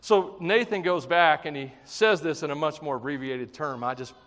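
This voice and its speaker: Animated male preacher in a reverberant hall. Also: on the high side, normal speed. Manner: animated, conversational preaching with jokes and acted quotes. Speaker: pastor. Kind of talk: sermon.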